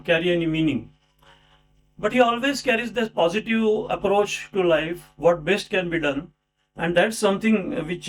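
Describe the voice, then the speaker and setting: A man's voice: high-pitched, a little hiss or hum. A man giving a formal speech at a book launch, introducing an author with rhetorical questions and asides. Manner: rhetorical, with many fillers and asides.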